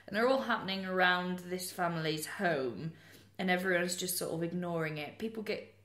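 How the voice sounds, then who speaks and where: A woman's voice: lowish voice, normal speed, fairly bright tone. A woman comedian co-hosting a true-crime podcast, talking bluntly with sarcastic, sweary asides. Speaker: comedian co-host. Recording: roomy echo.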